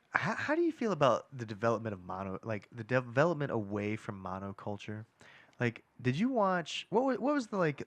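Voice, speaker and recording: Thoughtful low-voiced man, dry close sound. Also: dry recording. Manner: thoughtful, measured, with halting restarts. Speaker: podcast co-host. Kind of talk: casual podcast chat.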